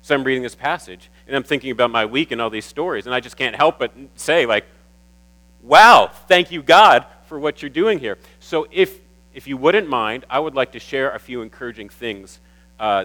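A man preaching a sermon to his church, warm and emotional, often stumbling and repeating words. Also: medium pitch, fairly quick, low-quality recording. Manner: warm, emotional, getting teary at times. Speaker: pastor.

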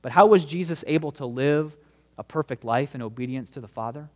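A man's voice: medium pitch, a little fast, darkish tone. Pastor, man, mid-range voice, delivering an emphatic, earnest sermon in a reverberant church hall. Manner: earnest, emphatic preaching with stresses on key words.

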